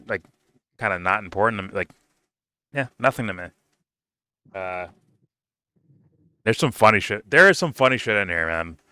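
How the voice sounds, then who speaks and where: Bright, crisp-voiced man ranting casually. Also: fairly low pitch, no echo. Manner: profane, loose, full of likes and restarts. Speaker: TV show reviewer. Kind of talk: casual rambling review.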